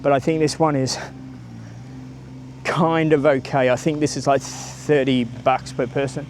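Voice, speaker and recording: A travel vlogger strolls outside a stadium with a handheld camera or phone, chatting and rambling through a walking tour and saying hello to passers-by. His voice is mid-range and steady, and he takes his time. There's a faint hiss or hum in the recording.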